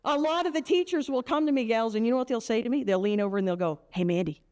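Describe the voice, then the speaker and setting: A woman around fifty with a brash, joking manner, giving an energetic motivational speech to teenage girls as a keynote speaker. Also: fairly high pitch, quick pace, clean tone. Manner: brash, joking, punchy storyteller.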